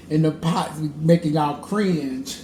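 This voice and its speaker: A man's voice: on the high side, mellow. A man chatting casually while cooking in his home kitchen, playful and sing-song, laughing often, filmed by a camera set at a distance. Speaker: cooking vlogger. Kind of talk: casual cooking vlog chat. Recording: echoey kitchen with background noise.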